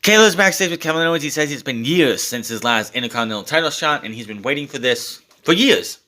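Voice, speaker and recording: Man, casual recap, sarcastic, blunt, swears, mid pitch. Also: expressive, fast, sharp tone. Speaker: wrestling show reviewer.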